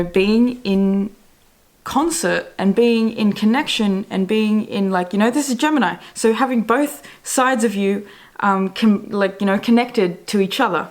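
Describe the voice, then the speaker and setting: Young woman doing a loose chatty tarot reading, curses a lot, laughs and restarts words, medium-pitched voice. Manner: rambling and chatty, swears casually; laughs often and self-corrects mid-word. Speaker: tarot reader and astrologer. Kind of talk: casual daily horoscope reading.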